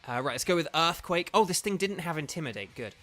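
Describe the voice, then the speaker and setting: A man's voice: on the high side, animated, fast talker, fairly bright tone, soft background music. A man streaming a video game, chatting casually and drifting between the game and his viewers' comments. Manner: chatty, digressive, reads chat aloud. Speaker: gaming streamer and voice actor.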